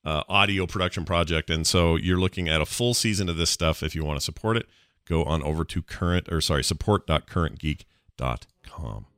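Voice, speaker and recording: A man's voice: deep voice, brisk, a bit bright, no echo, clean studio sound. A man hosting a live stream in casual, chatty talk, laughing easily with his co-host. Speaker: show host.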